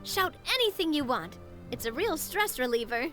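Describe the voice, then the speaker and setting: A bubbly young game heroine, high bright voice, lively swooping delivery, faint ambience behind. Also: female voice, moderate pace, over music. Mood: cheerful. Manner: bubbly, friendly, calls others partner. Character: cheerful sociable young woman adventurer.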